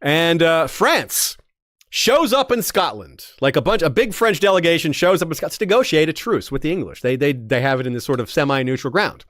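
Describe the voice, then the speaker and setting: A man hosts a history show in a loose, joking storytelling manner, often restarting his sentences. His voice sits a little high and swoops animatedly up and down. The recording is dry and close. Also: lively intonation, quick pace, hardly any pauses, fairly bright tone, dry recording. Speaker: history podcast host.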